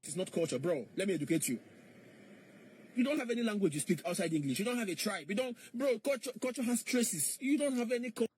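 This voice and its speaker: High-voiced man, mocking questions. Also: animated, fast talker, darkish tone, husky, no room sound. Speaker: speaker in a played clip. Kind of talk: argumentative monologue.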